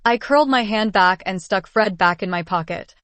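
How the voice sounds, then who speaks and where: A woman's voice: mid-range voice, normal speed, a bit bright, no echo. A woman casually narrating a first-person story in an unpolished reading style.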